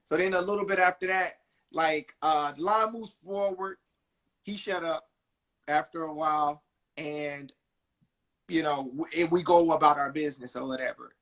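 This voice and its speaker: Young male podcast host, bright and high, casual storyteller. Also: normal speed. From New Jersey. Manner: animated, acts out quotes with big pitch jumps.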